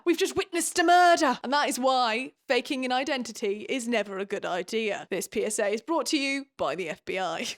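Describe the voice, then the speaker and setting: A young British woman hosting a casual book recap vlog, sarcastic and quick with asides, laughing often. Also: on the high side.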